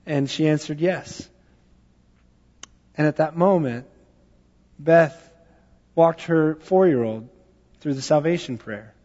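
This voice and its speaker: A man's voice: a little high, measured pace, pauses often, dark tone. A man giving a sermon as a pastor, talking in a conversational storytelling way with frequent fillers. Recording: dull sound with long hall reverb.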